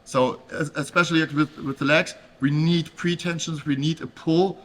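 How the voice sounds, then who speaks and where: Man, coach demonstrating on a partner, halting fillers, slightly high voice. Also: steady tone, fairly bright tone, slight background noise. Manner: explains while demonstrating, halting with fillers and restarts. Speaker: grappling instructor. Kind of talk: casual technique instruction.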